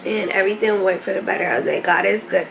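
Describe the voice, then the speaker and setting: A young woman telling her hospital story to camera in a casual vlog, emotional and rushed, with many fillers. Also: mid-range voice, fairly even intonation, vocal fry, a bit bright, a little hiss or hum, rough recording. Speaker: vlogger. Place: hospital room.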